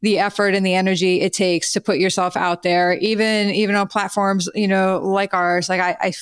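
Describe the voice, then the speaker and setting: A host chats and thanks a guest at length, effusive and quick to laugh. The voice is smooth and clear and sits in a middle pitch. The sound is dry and close to the mic. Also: flat delivery, a bit bright, no room sound. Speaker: podcast host. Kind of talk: casual interview chat.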